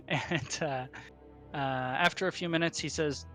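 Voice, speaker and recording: A man's voice: a little high, fairly even intonation, measured pace, long pauses, bright, forceful tone, soft background music. A man narrating a tabletop game as game master, in a hesitant way full of fillers and restarts.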